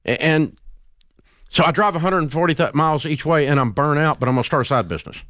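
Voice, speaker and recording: A man's voice: fairly high pitch, fast, fairly bright tone, dry recording, studio quality. A man hosting a call-in advice show, blunt and scolding but affectionate, with folksy turns of phrase. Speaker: radio talk show host. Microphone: studio microphone.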